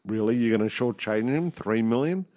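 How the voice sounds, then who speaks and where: A man's voice: mid-range voice, lively intonation, normal speed, mellow. A man co-hosting a podcast in casual chat, teasing his friend and stating his views with confidence. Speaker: podcast co-host.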